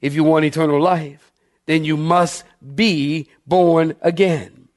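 A man's voice: fairly high pitch, fairly even intonation, slow. A male pastor preaching a sermon, emphatic, calling on his congregation to answer back.

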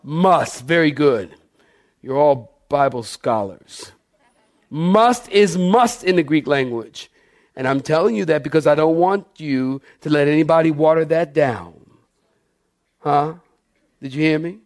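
A man's voice: on the high side, a little slow. A male pastor preaching a sermon, emphatic, calling on his congregation to answer back.

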